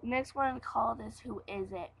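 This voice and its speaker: A woman's voice: fairly high pitch, normal speed, creaky, crowd noise, poor audio. A young woman co-hosting a home web show, sick and congested, chatting casually and explaining the punchlines with giggles. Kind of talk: casual chat.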